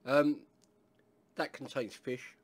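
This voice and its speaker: A man's voice: medium pitch, fairly even intonation, slow. A man from England casually reviewing a hot sauce, rambling with lots of fillers and asides.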